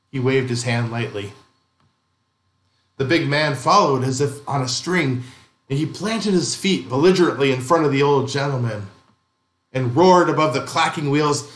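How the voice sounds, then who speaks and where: A man's voice: mid-range voice, moderate pace, echoey room. A male pastor reading a story aloud in dramatic first person during a sermon.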